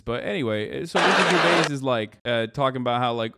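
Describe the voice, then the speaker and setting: A man's voice: medium pitch, lively intonation, brisk, hardly any pauses, sharp tone. A young man hosting a live stream, ranting in profane, sarcastic commentary straight to his chat. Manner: profane, sarcastic, heated rant. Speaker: streamer host.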